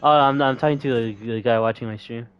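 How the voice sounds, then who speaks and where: A man's voice: medium pitch, fairly even intonation, quick pace, smooth, highs cut off. A young man streaming a game, talking in a loose, laid-back way and swearing casually. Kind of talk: casual gameplay chat.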